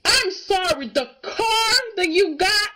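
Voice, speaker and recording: Woman venting about a soap episode, high voice that swoops all over, slow and emphatic. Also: expressive, background noise. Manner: indignant, emphatic, keeps asking "okay?". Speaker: soap opera reviewer. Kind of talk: casual reaction commentary.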